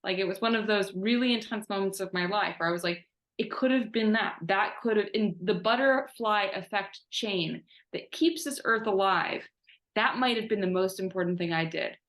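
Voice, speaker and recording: A woman telling a personal story in an online talk, animated and self-mocking, with many "like" fillers. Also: mid-range voice, normal speed. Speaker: guest speaker. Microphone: video call. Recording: roomy echo.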